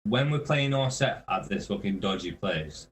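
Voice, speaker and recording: Man, low-pitched, sweary casual storyteller. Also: animated, normal speed, rough recording. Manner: swearing, laughing mid-sentence. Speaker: guest musician.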